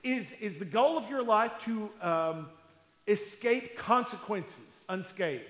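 A man preaching a sermon in a conversational storytelling way, with emphatic pauses, in a large hall. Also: high-pitched, animated, a bit bright. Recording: echoey hall with long reverb.

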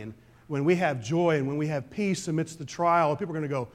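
A pastor preaching a conversational sermon, swinging between loud emphasis and quiet asides. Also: male voice, on the high side, brisk. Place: church sanctuary.

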